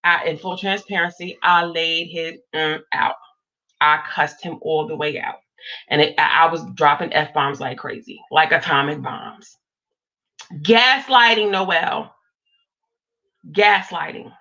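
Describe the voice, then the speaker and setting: A woman in her thirties telling a dramatic personal story in an animated, casual vlog. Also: deep voice, measured pace. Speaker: vlogger. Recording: dull lo-fi audio.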